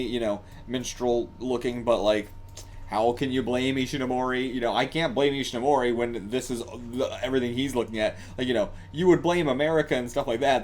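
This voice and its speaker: A man hosting a casual reaction commentary, excitable and laughing often, swearing freely and rambling with lots of fillers. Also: medium pitch, a little hiss or hum. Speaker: reaction channel host.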